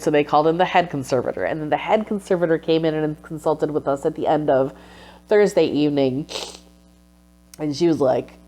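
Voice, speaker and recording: A woman's voice: low voice, a little mellow. A woman recapping her research in a casual vlog, emotional and sniffling at times. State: teary, sniffling. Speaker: vlogger and textile researcher.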